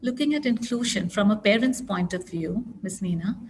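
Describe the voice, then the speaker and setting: A woman's voice: mid-range voice, lively intonation, moderate pace. A woman moderating a panel discussion, polite and formal as she introduces speakers. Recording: distant mic, faint room noise.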